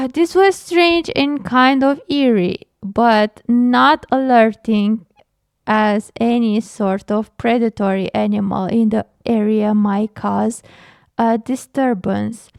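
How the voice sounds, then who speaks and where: Young woman, higher voice, reads horror aloud haltingly and breaks off to react. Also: gravelly, a little mellow, no echo, clean studio sound. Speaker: horror story reader and reactor. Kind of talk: reading a story aloud with reactions.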